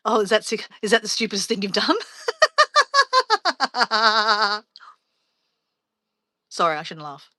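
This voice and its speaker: A woman travel vlogger chatting on a live stream, her voice bright and forward. She rambles through stories and laughs easily. The sound is close and dry, with no room around it. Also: medium pitch, slow pace, pauses often, no room sound. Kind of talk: casual live stream chat.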